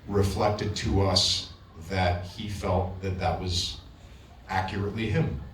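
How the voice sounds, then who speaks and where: A man speaks as a guest on a convention panel, telling a story in a loose, animated way and often restarting his sentences. He sounds distant from the mic in a large echoing hall with a faint hum of room noise behind him. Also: deep voice, slow. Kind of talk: casual panel talk.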